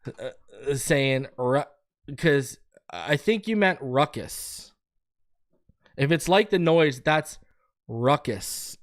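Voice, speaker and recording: Slow-talking man hosting a casual sports stream. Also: fairly high pitch, a bit bright, clear, resonant tone. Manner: loose, rambling, jokey, slow and drawn out. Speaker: sports show host. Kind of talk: casual live-stream chat with shout-outs and sponsor read.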